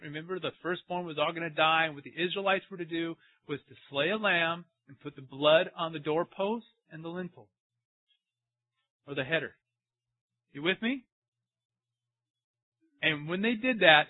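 Man, pastor, lively sermon, high voice, dry tinny phone-like audio. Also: no echo. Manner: animated, asks the congregation questions.

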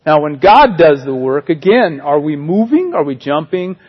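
Brief: male pastor, fairly high voice, chatty sermon delivery with wry jokes, dull lo-fi recording. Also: very animated, moderate pace, slightly rough. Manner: conversational, joking asides.

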